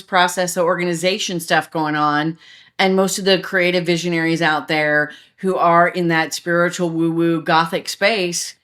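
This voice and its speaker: A woman's voice: lowish voice, fairly bright tone. A woman, a digital marketer, talking chattily as a podcast guest, telling stories with many restarts. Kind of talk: casual podcast interview.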